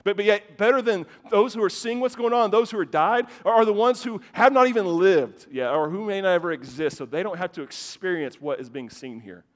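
A high-pitched, animated man speaks a little fast with few pauses. He's a pastor preaching to a church congregation, drawing on personal stories and repeating words at the beginnings of phrases, captured with long hall reverb.

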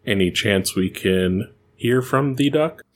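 A man's voice: medium pitch, slow pace, a little hiss or hum. A man interviewing a game master, asking brief, curious questions.

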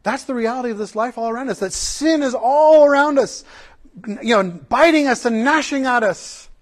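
A pastor with a strikingly high voice preaches at a normal speed with a passionate preacher's fervor. He pushes his congregation with rhetorical questions, then slips into earnest, conversational asides packed with restarts.

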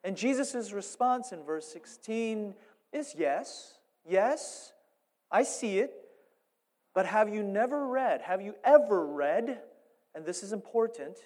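A man with a notably high voice delivers a Sunday sermon from the pulpit. He preaches with animated, playful energy, building to emphatic peaks. His words ring out with the long reverb of a church hall. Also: slow pace. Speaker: pastor.

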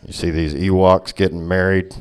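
A man's voice: low voice, fairly even intonation, normal speed, darkish tone, slight background noise, pitched below the performer's own voice, close to an everyday voice. A man voicing Darth Vader as a lazy, bigoted grump who complains indignantly. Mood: grumbling.

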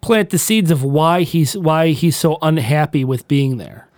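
A man's voice: fairly high pitch, a little slow, a little mellow, no room sound, studio quality. A man in a casual podcast chat, chiming in with film trivia and corrections.

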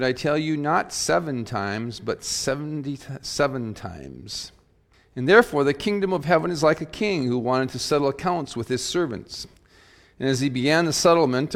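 A male pastor speaking in a church sanctuary. His delivery is measured and earnest, and he slows into thoughtful pauses as he reads scripture and reflects aloud. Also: medium pitch, vocal fry. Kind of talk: liturgy and sermon.

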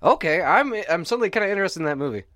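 A man co-hosting a casual podcast, loose and irreverent, swearing and joking freely. His pitch swings widely as he talks, and the close, dry recording keeps him right up front. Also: very animated, very fast, fairly bright tone, no room sound. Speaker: podcast co-host.

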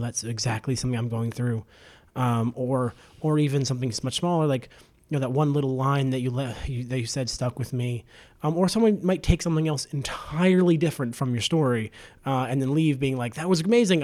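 A man's voice: medium pitch, darkish tone. A man co-hosting a storytelling podcast, talking in a loose, rambling way with many fillers and restarts. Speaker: podcast co-host. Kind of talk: casual podcast chat.

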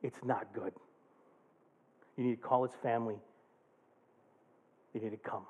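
A man's voice: medium pitch, fairly even intonation, a little slow, slightly rough. Tinny-sounding passionate male preacher. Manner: quiet and subdued telling a personal story, rising to loud passionate preaching. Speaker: pastor. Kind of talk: sermon.

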